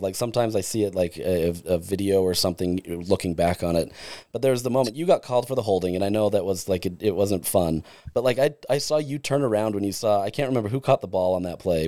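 A man's voice: on the low side, fast, darkish tone. A young man in casual chat, rambling as he asks a teammate about a play. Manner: rambling, chatty questions.

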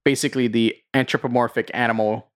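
A man co-hosting a casual podcast, talking in a loose, rambling way and swearing freely. His pitch sits in an ordinary middle range, and his banter is full of fillers and restarts. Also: steady tone, fast talker, clear, resonant tone. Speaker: podcast co-host. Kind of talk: casual chat.

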